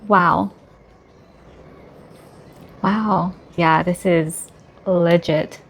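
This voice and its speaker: A woman's voice: on the low side, wildly swooping pitch, very slow, pauses often, a bit bright, a little hiss or hum. A woman filming an unboxing vlog, gushing, gasping and squealing with delight. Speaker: vlogger.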